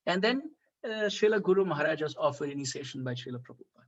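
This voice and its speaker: A man's voice: fairly high pitch, fast talker, low-quality recording. A man giving a devotional talk, telling a story animatedly with frequent fillers. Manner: animated, acts out quoted dialogue, frequent "uh" fillers. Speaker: speaker at a devotional festival. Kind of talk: storytelling sermon.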